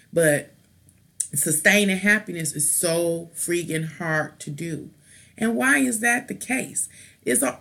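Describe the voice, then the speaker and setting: A woman's voice: lowish voice, a bit bright. Irritated woman ranting on a live stream. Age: adult with children. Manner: irritated, blunt and rambling, with restarts and slang. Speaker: tarot live-stream host. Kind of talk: rambling live-stream rant.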